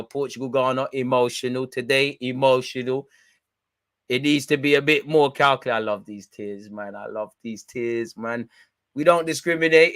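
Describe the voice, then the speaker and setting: A man's voice: mid-range voice, a bit bright, dry recording, studio quality. A young man hosting a football watch-along, bantering and mocking in slangy casual chat. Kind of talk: casual live match reaction.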